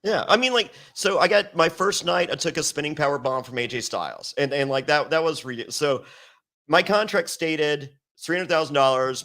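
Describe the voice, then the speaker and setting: Brash man from Virginia, fairly high voice, animated raconteur with constant profanity. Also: normal speed. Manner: animated, acts out quotes in raised voice, heavy swearing. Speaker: interview guest. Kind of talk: casual storytelling with profanity.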